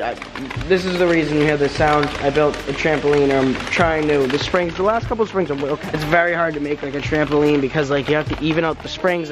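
A man's voice: fairly high pitch, noisy background. A teenage guy vlogging in a rambling, joking, self-mocking way, filmed on a handheld camera. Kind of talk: casual vlog.

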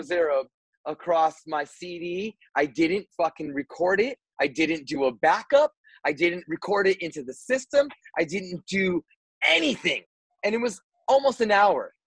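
A man, a radio host guest on a podcast, telling a story casually, animated and swearing, with lots of restarts. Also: on the high side, dry recording, low-quality recording.

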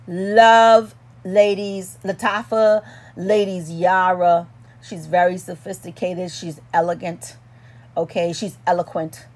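A woman giving a casual perfume review in a sassy, animated, playful way with dramatic emphasis. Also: mid-range voice. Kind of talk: casual product review vlog.

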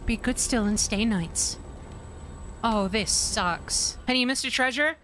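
A woman streamer giving live commentary on a horror game, swearing, laughing and yelling when she gets startled. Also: a little high, unhurried, noisy background. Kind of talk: live let's-play commentary.

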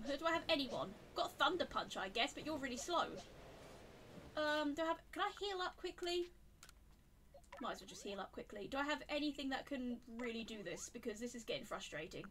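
A woman giving chatty live commentary while she plays a video game, talking to the game and rising into flustered high squeals. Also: sing-song, brisk, pushed and bright, a little hiss or hum. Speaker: game streamer.

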